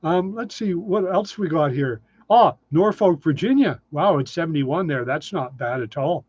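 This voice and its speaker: Man, 60s, livestream host, casual and self-deprecating, somewhat high voice, dry lo-fi sound. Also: animated, moderate pace, a little mellow, slightly rough, no room sound. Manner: chatty, self-deprecating, answers viewer questions. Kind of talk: casual live chat reading comments.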